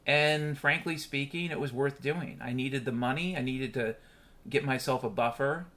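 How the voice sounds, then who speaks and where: A man's voice: medium pitch, normal speed, fairly bright tone. A man hosting his own podcast in a candid, rambling monologue with frequent swearing. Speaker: podcast host.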